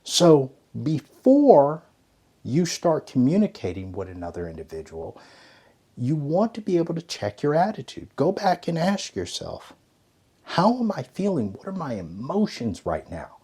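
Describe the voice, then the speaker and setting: Husky man coaching with emphatic energy. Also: fairly high pitch, big pitch swings, moderate pace. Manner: emphatic, conversational, swings from loud to hushed. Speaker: ethics and leadership coach. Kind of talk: motivational teaching talk.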